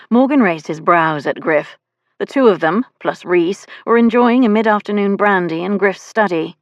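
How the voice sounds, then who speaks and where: A woman narrating a historical romance audiobook in a measured, even storytelling voice. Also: mid-range voice, dry recording, lo-fi sound. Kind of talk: scripted narration of a romance novel.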